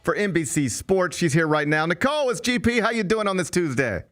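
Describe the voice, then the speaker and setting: A man's voice: high voice, animated, brisk, a bit bright. A man hosting a college sports talk show, interviewing a guest and making his case at length. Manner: conversational, argues points at length. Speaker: sports radio host.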